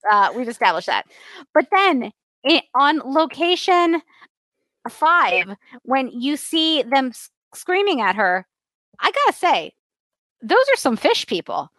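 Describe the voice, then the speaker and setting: A woman co-hosting a casual chat, talking in an animated way and laughing between remarks. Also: high-pitched, takes it slowly, no echo. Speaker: podcast co-host.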